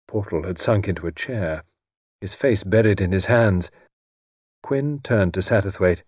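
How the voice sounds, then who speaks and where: A man narrating an audiobook story in a measured, expressive way. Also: deep voice, husky, no room sound, clean studio sound.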